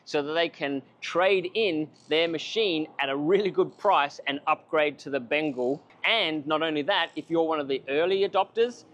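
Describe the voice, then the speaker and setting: Man, coffee reviewer, fairly high voice, chatty, enthusiastic, self-mocking. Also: normal speed, hardly any pauses, a bit bright. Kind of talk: casual product review to camera.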